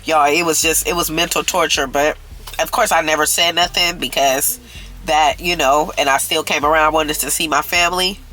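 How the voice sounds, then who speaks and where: Woman vlogger, bright edgy voice, heartfelt storytime confession, talks straight to her viewers. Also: deep voice, fairly even intonation, moderate pace, low-quality recording. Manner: earnest, repeats herself, keeps addressing viewers as y'all.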